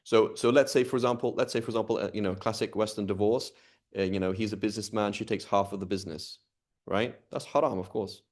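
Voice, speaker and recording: A man's voice: on the low side, steady tone, quick pace, darkish tone. A man teaching an informal class, talking conversationally and often checking in with the students. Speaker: Islamic studies teacher.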